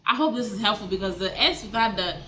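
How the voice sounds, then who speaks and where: A woman with a mid-range, pushed, bright voice teaches vocabulary in a laid-back vlog. She's a language teacher who chats, repeats every word slowly and self-corrects along the way.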